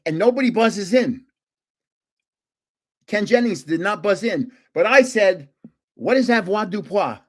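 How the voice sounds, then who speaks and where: This older trading card livestream host has a high, animated voice, speaking a little slowly with long pauses. In casual storytelling, he drifts between anecdotes, corrects himself, and laughs softly between sentences.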